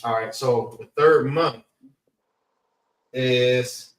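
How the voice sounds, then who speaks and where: A man teaching a class in a slow, repeating way, often saying "all right" and sounding out words. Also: medium pitch. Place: class room in a library. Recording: roomy echo, voice from far off the mic.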